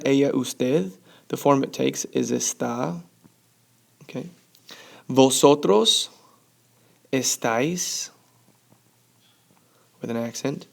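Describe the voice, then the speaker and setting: A man's voice: mid-range voice, gravelly, a little mellow. A man teaching a Spanish grammar lesson to his class, upbeat and often checking in with "okay?".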